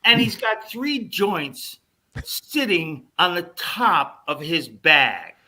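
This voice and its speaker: An older man telling a long anecdote in casual podcast chat, animated and swearing freely as he acts out what people said. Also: high-pitched, slow pace, slight background noise, rough recording. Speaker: podcast guest storyteller.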